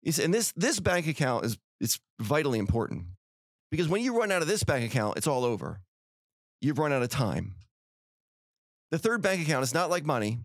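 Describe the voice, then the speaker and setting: A man's voice: a little high, big pitch swings, brisk, no echo, clean studio sound. A middle-aged man hosting a podcast, giving an earnest, folksy motivational talk full of rhetorical questions. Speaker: podcast host.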